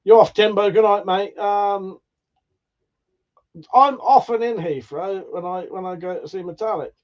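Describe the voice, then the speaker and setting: A man with a slightly high voice hosts a relaxed livestream and greets viewers by name. He sounds a bit tired and swears casually. The audio is dull and lo-fi. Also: measured pace. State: tired, yawning. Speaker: livestream host. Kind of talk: casual live chat reading viewer comments.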